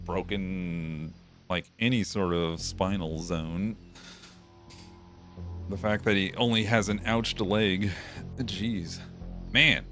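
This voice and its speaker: A man's voice: low voice, a bit bright. A male streamer giving casual gameplay commentary, laid-back and chatty, with swearing and laughs.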